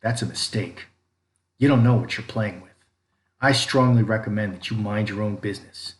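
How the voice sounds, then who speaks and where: A man's voice: on the low side, normal speed, close to an everyday voice. A man voicing a cruel, abusive father who speaks in a cold, threatening way. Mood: menacing. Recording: echoey room with faint background noise.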